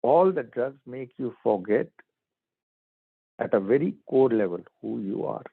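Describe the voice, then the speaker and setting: A man's voice: medium pitch, animated, unhurried, vocal fry, breathy edge, dry recording. Man teaching over a tinny line. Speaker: spiritual teacher. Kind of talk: spiritual talk. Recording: dry phone-like line.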